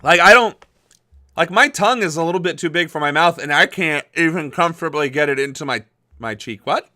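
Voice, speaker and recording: A man's voice: fairly high pitch, fairly quick, sharp tone, no echo, clean studio sound. A young man hosting a political livestream, chatting casually and rambling with lots of fillers. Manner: chatty, rambling, laughs easily, many fillers. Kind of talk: casual live-stream chat reading chat messages.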